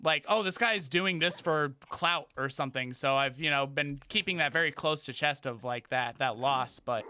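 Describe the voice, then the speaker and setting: A man with a bright, forceful voice chats casually on a gaming livestream, rambling and halting as he restarts his sentences. He breaks into high, startled yelps when something in the game surprises him. The recording is dry and close, with no room sound. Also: smooth, no room sound. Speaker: gaming streamer.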